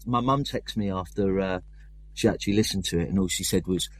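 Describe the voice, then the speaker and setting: A young man with a London accent, chatting in an interview about his band's songwriting in a rambling, self-deprecating way. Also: deep voice. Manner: rambling, self-deprecating, quick talker with restarts. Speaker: punk band vocalist and lyricist. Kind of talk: casual interview chat.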